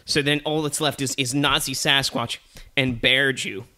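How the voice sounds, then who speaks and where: A man's voice: mid-range voice, fairly even intonation, moderate pace, bright, forceful tone. A man co-hosting a comedy podcast, telling a rambling made-up story full of swearing and fillers. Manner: rambling, profane, many fillers. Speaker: podcast co-host.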